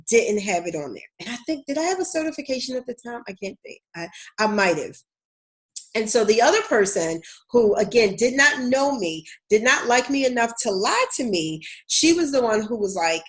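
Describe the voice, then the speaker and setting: A woman's voice: a little high, sing-song, normal speed. A woman with a Baltimore accent, a career coach speaking candidly and casually to viewers on a live stream. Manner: candid, chatty, addresses viewers as y'all.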